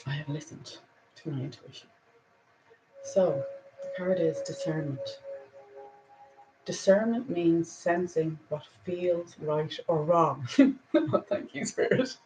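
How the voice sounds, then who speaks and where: A woman hosting a casual spiritual talk and reading angel cards, earnest and reflective, with soft laughs and a little emotion. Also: low-pitched, slow pace, long pauses, music in the background, poor audio.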